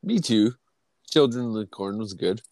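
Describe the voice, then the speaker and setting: A man's voice: fairly low pitch, lively intonation, moderate pace, darkish tone, dry recording. Male podcast host, profane rambling chat, dry close mic. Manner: rambling, heavy swearing, ranting.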